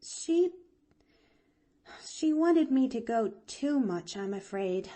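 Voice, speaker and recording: A bright, breathless little girl's voice, pitched high and full of exclamations, as a woman reads her in an audiobook. Her delivery swoops up and down. The pace is unhurried. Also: expressive. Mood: eager. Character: eager cheerful young girl.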